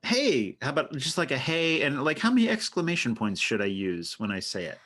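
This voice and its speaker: A man's voice: mid-range voice, huge pitch swings, fast talker, fairly bright tone. Male podcast co-host, playful, mock-serious, everyday mid voice. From not from New York. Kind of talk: casual comedic chat.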